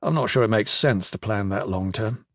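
A man voicing an awkward, gentle young husband in an audiobook, in a plain, low-key way. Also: moderate pace, dry recording, studio quality. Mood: reassuring.

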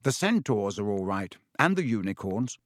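A man doing a firm, steady schoolboy. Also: moderate pace, no room sound, studio quality. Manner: firm, low-key. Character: determined teenage schoolboy.

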